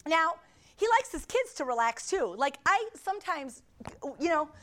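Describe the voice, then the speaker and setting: A woman's voice: extremely high pitch, big pitch swings, normal speed, fairly bright tone. A middle-aged woman preaching a sermon to a congregation, emphatic and repetitive, with chatty asides. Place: church before a congregation.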